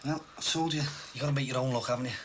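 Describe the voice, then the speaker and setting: A man's voice: mid-range voice, fairly even intonation, racing, natural voice. An actor playing a cocky man who teases and brags about his money. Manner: smug, teasing, boastful. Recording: noisy TV broadcast sound.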